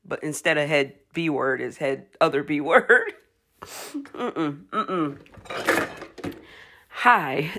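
A woman's voice: sits low, animated, drawn-out words, long pauses, pushed and bright. A woman hosting her solo podcast from home, giggly, losing her place, restarting and chewing as she talks. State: chewing food. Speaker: podcast host. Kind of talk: rambling solo podcast talk. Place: home, alone.

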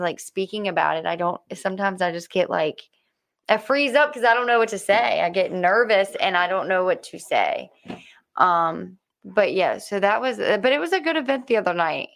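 A woman telling a personal story in casual conversation, halting often with fillers and restarts. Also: lowish voice, vocal fry, fairly bright tone. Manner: hesitant, many fillers and restarts.

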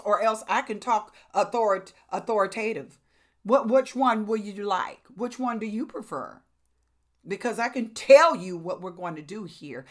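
A middle-aged woman preaching a sermon in an animated, exclamatory way, with sudden loud rises. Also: mid-range voice.

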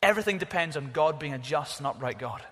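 A preacher delivers a sermon with emphatic, animated storytelling. His voice sits a little high for a man. A long reverb trails after every phrase, as in a large hall. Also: fast talker, husky.

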